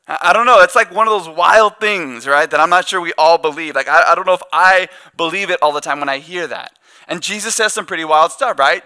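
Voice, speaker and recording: A man's voice: high-pitched, a little fast, bright, forceful tone. A male pastor preaching a sermon in a conversational way, with joking asides and playful quoted back-and-forth. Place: church.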